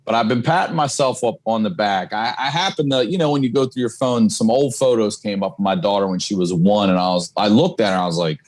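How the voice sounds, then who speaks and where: A man's voice: lowish voice, fast talker, hardly any pauses. A man guesting on a podcast, talking candidly in casual chat and swearing freely. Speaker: comedian and single dad.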